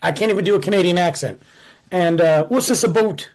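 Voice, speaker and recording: A man in his forties, co-hosting a podcast, telling stories in a casual, animated way and acting out the quotes. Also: high-pitched, brisk, poor audio. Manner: animated, acts out quotes with shifting voice. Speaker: podcast co-host. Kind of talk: casual storytelling chat.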